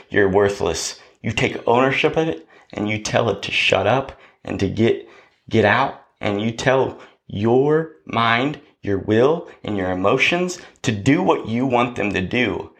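Man, podcast host, motivational talk, preachy, keeps asking "right?", deliberate delivery. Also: mid-range voice, expressive, fairly bright tone. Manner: preachy, repeats "right?" often.

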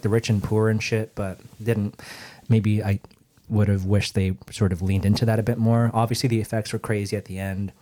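A man giving his thoughts on a podcast in a relaxed, hesitant way, often trailing off. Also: mid-range voice. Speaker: podcast co-host. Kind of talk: casual podcast chat.

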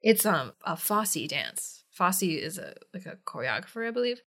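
A woman's voice: on the low side, very animated, moderate pace, sharp tone. A woman co-hosting a podcast, casually chatting about a TV episode and adding details and asides. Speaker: podcast co-host. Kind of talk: casual chat recapping a TV episode.

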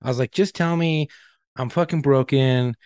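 On a casual podcast he co-hosts, a thirty-something man shares profane, blunt stories about his doctors and the pain he's in. His mid-range voice is clear, resonant, and a little mellow, at a normal speed, captured in a dry, clean studio recording.

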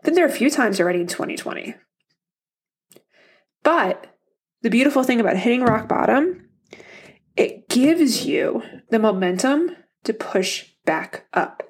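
A woman's voice: a little high, very animated, measured pace, pauses often. A woman hosting a casual solo podcast, talking bluntly and motivationally to her listeners, swearing often and laughing easily. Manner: motivational, addresses listeners directly. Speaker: podcast host.

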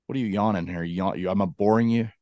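A man's voice: on the low side, fast talker, no echo, dull audio. A man co-hosting a casual chat, rambling and self-deprecating, acting out quotes in a raised voice. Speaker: podcast co-host.

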